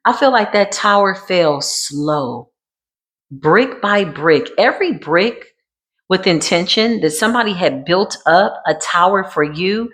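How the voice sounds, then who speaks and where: Sassy woman reading tarot. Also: lowish voice. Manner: sassy, dramatic, swings between hushed and emphatic. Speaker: tarot reader. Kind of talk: tarot card reading monologue.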